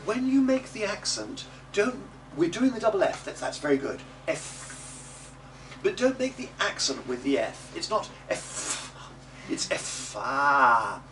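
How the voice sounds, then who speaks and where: A middle-aged man leads a class through Italian diction, sounding each word out slowly for the group to echo back. His voice is fairly high and sits well back from the microphone. A steady background hiss runs under everything in the room. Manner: demonstrative, models words slowly for the group to repeat; chatty asides with little jokes. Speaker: early music teacher. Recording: distant mic in a noisy room.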